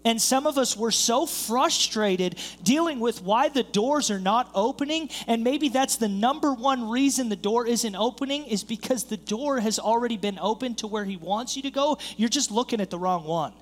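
A man's voice: extremely high pitch, moderate pace, few pauses, in a large hall. A man preaching a sermon as a pastor, telling a story and acting out the voices of the people in it. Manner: storytelling, acts out quoted voices, builds in intensity. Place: church sanctuary.

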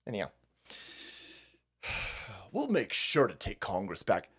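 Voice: deep voice, wildly swooping pitch, a little slow, husky. A livestream host ranting about politics, reading out viewer comments and mocking them with heavy profanity. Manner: reads and mocks viewer comments.

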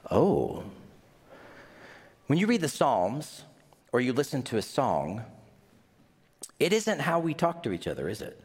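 A man's voice: medium pitch, huge pitch swings, unhurried, long pauses, breathy edge. A man with a Midwestern accent preaching a sermon as pastor, conversational, putting questions to the congregation and acting out little scenes in mock voices.

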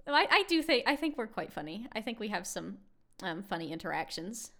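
A woman's voice: mid-range voice, sing-song, fairly quick, sharp tone. A young adult woman co-hosting a casual podcast over a Discord call, giggling often and telling stories with quoted voices. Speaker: podcast co-host. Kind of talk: casual chat.

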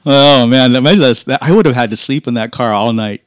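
A man chats casually on a podcast, jumping into quick impressions of the people he's talking about and laughing as he goes. His voice sits in the middle of the male range. The recording is dry and close, with no room sound. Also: medium pitch, clear, resonant tone, no echo. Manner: animated storyteller, acts out quoted voices, laughs often. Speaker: guest racer.

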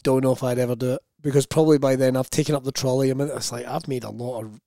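A man's voice: mid-range voice, rapid-fire, creaky, no room sound, clean studio sound. A middle-aged Scottish man co-hosting a casual chat, telling stories with lots of swearing and acted-out quoted voices. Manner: animated storytelling, swearing, acting out quoted voices. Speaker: podcast co-host.

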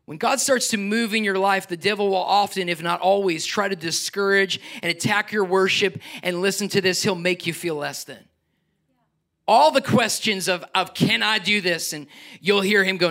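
A middle-aged man preaching a sermon as pastor, animated, climbing to near-shouts and then dropping to soft, quiet asides. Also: high voice, normal speed.

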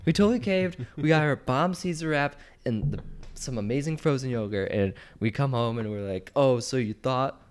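A young man co-hosting a podcast, telling a story in a casual, animated way and acting out the voices of the people in it. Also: mid-range voice, normal speed, hardly any pauses. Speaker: podcast co-host.

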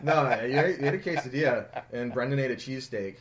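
A man in his thirties co-hosting a casual podcast chat, telling lively stories and mimicking friends. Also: fairly quick, reverberant. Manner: animated storyteller, quotes friends in loud high voices. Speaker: podcast co-host.

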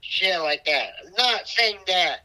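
Man, drunk, profane, hiccups, very sharp bright tone, raised pitch, phone mic. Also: expressive, slow, poor audio. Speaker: comedy show regular. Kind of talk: crude comedic banter. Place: hospital room.

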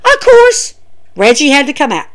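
A woman's voice: high-pitched, huge pitch swings, normal speed. A woman giving an emphatic, chatty wrestling show review, talking straight to her viewers. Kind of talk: casual opinion vlog.

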